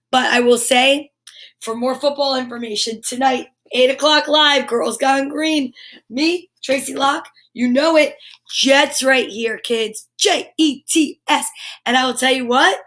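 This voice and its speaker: A woman's voice: high-pitched, fairly bright tone. A woman hosting a morning livestream, upbeat and chatty, greeting viewers by name and exclaiming often. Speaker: livestream host.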